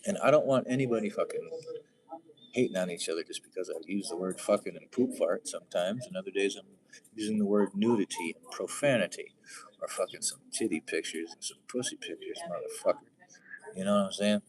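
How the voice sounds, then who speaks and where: A man's voice: deep voice, brisk, distant mic, rough recording. A middle-aged man rambling on a phone livestream, profane and sarcastic, jumping from one odd comparison to the next. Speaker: livestream host. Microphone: phone front camera. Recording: phone mic with crowd noise.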